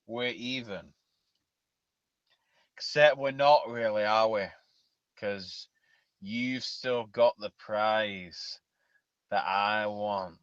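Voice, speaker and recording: A man putting on a smug Glasgow-accented wrestler, slow teasing drawl, dry lo-fi sound. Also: mid-range voice, fairly bright tone, no echo. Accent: Scottish, Glasgow. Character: cocky Scottish male wrestler taunting a rival.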